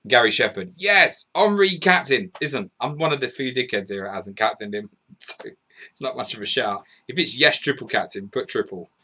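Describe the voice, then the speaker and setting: Man, bright voice, live fantasy football host, excitable, reads chat messages. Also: on the low side, fairly quick, husky. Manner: excitable, swearing, laughing, reading out chat messages. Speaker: podcast host.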